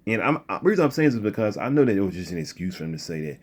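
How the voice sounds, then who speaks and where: A man's voice: lowish voice, animated, very fast, slight background noise. A man from the area, giving an earnest commentary monologue and tagging his sentences with "okay?" and "you know.". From Philadelphia area, USA. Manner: frequent "okay?" and "you know" tags, restarts. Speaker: video commentator.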